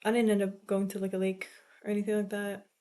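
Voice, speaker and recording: A woman's voice: medium pitch, monotone, fast, mellow. A young woman in her late teens chatting casually in a vlog, rambling and swearing, with lots of "like" filler. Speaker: vlogger. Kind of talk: casual chat.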